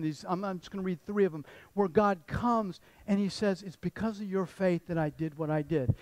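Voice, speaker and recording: A male pastor delivering a sermon, bringing the stories alive by acting out each person's voice. His voice sits fairly high. The sound is dry and close, with little room around it. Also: dry recording. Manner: animated storytelling, acting out voices in the scriptures.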